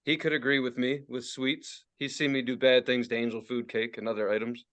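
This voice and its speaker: A man's voice: mid-range voice, flat delivery, a little fast, a bit bright. A man in his forties ranting and swearing as a podcast co-host, laughing often in casual talk. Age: 40s. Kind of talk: casual profane podcast rant.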